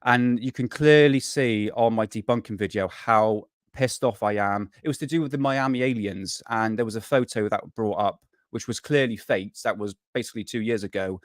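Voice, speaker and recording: A man's voice: fairly low pitch, moderate pace, hardly any pauses, no echo, clean studio sound. A man hosting a casual live stream, rambling and swearing freely, worn out and burnt out, chatting to viewers. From United Kingdom.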